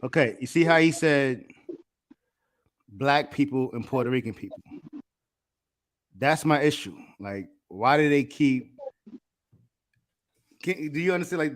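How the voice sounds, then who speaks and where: Casting: male stream host, easygoing and slangy, mid-pitched, quick to laugh. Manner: laid-back, slangy, laughs easily. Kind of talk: casual chat.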